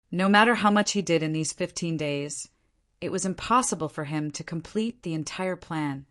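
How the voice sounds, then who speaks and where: A woman narrating a fantasy novel audiobook in a steady, even reading voice. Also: lowish voice. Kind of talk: scripted narration.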